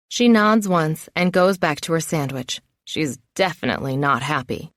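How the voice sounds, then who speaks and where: A woman's voice: low voice, moderate pace, dry recording, studio quality. A woman narrating a first-person novel in a wry, self-mocking inner voice. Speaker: audiobook narrator.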